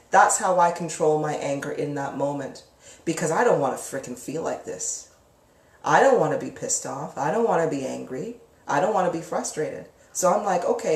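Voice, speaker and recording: A woman's voice: low-pitched, darkish tone. Chatty woman in an echoey room. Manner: chatty and frank, swears casually, greets viewers mid-answer. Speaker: psychic live-stream host. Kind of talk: casual live Q&A, answering viewer comments.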